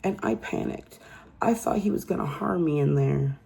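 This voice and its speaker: A woman voicing a defensive, erratic middle-aged neighbor who pleads in a high, quick voice. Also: lively intonation, gravelly, warm tone. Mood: defensive pleading.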